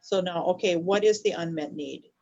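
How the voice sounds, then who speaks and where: A woman's voice: lowish voice, normal speed, vocal fry. A woman teaching dementia care in a live online session, affirming her co-trainer with frequent yeps. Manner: warm affirming, frequent "yep". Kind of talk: live-streamed training chat. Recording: dull lo-fi sound.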